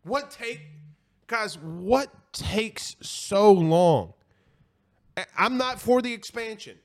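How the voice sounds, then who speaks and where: Taking it slowly, a slightly high-voiced college football show host reads viewer comments on a casual live stream. He's blunt and animated, repeating things for emphasis, and now and then swears and says sorry.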